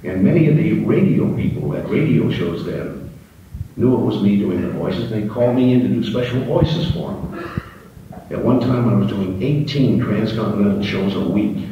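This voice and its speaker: A man's voice: lowish voice, highs cut off. An older man giving a storytelling talk to an audience, speaking in an anecdotal way with fillers. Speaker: guest speaker. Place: university auditorium. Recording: distant mic in echoing hall with audience and hiss.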